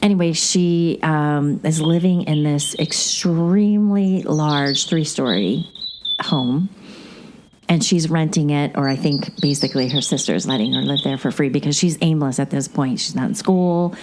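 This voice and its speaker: Low-voiced chatty woman host. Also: measured pace, noisy background. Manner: rambling, chatty storytelling with many asides. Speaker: podcast host. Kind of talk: casual movie recap chat.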